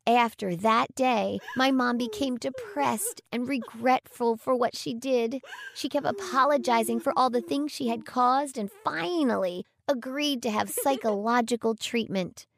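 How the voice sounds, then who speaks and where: A woman's voice: a little high, animated, measured pace, vocal fry. A woman narrating a first-person story with a dramatic, emotive reading.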